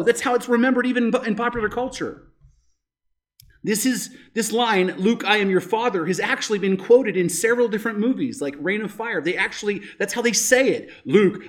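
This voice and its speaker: A male pastor preaching a sermon in a conversational way, often checking in with rhetorical questions. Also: sits high.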